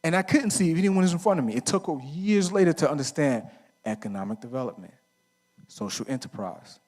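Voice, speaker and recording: A man's voice: on the high side, lively intonation, a little fast, a little mellow. A middle-aged man giving a casual, story-filled talk at a men's conference, asking the audience questions and answering them himself. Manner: casual, uses slang and fillers like "right?". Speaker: conference speaker.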